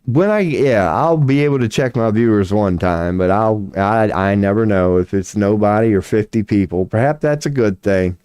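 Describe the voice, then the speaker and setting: A man talks loosely to his stream audience, rambling between tarot readings, swearing and laughing easily. His voice sits low and mellow, worn a little hoarse, and he keeps clearing his throat. The sound is dry and close, with no room around it. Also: moderate pace, hardly any pauses, dry recording. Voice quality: voice going hoarse from long streams. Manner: rambling, swears casually, laughs often, reads chat aloud. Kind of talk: casual live-stream chat.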